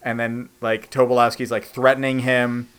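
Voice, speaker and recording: A man's voice: normal speed, smooth. A man co-hosting a casual comedic podcast, retelling scenes from a show and acting out the characters with big leaps in his voice. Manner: animated, acts out scenes with big pitch jumps. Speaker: podcast co-host. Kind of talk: casual comedic recap chat.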